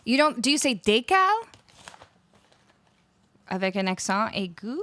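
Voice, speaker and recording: A Canadian woman streams from her home, chatting casually with live viewers and laughing often as she muses on how words are pronounced. Her mid-range, fairly bright voice is very animated, a little slow, with frequent pauses. A close studio microphone gives a dry sound.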